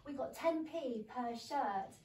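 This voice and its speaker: A thirty-something woman, unmiked and heard from far away in an echoey comedy room with an audience, does a chatty stand-up set and giggles at her jokes. She speaks slowly in a high-pitched, darkish voice, with slight background noise.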